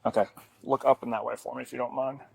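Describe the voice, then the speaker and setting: A male police officer questions witnesses in a calm, matter-of-fact way. His voice is gravelly and he talks quickly, recorded outdoors on his body camera. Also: medium pitch. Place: outdoors at a residence.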